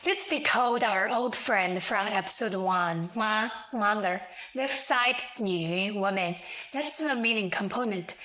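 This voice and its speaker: A woman narrating a scripted language lesson, explaining slowly, clearly and deliberately. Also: medium pitch, bright, forceful tone, poor audio. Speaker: language teacher.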